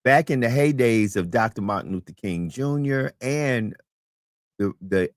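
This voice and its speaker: A man hosting a live talk show, speaking in a preachy, emphatic way that climbs toward shouting. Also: mid-range voice, lively intonation, measured pace, no room sound, studio quality. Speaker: host.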